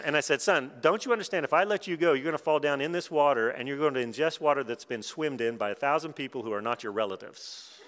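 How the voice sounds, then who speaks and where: A middle-aged man, preaching a sermon and telling personal stories, dropping quiet and then rising loud and excited. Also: a little high. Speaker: pastor. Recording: long hall reverb.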